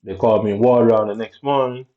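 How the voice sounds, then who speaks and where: A man telling a personal story in blunt, profane casual talk, voicing other people's lines with sudden high jumps. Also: fairly even intonation, fast. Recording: dull lo-fi recording.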